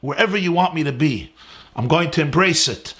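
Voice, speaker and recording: A man's voice: on the high side, lively intonation, brisk, fairly bright tone. A man, a rabbi, giving an earnest, emphatic sermon-style class from his home, building his points in rising lists.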